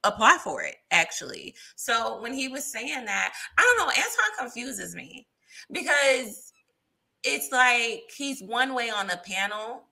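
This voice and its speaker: A young woman talking casually as an interview guest, animated, hesitant with fillers, jumping up in pitch when she acts out what others said. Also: measured pace, creaky. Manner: animated, acts out quoted lines with big pitch jumps; frequent fillers, hesitant restarts. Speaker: guest panelist.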